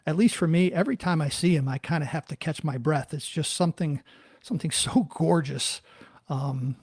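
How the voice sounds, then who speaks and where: A man with a somewhat high voice hosts a casual conversation, stumbling and restarting as he searches for the right words. His voice is recorded dry and close. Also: moderate pace, a little mellow, husky, dry recording. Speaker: podcast host. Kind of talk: casual interview talk.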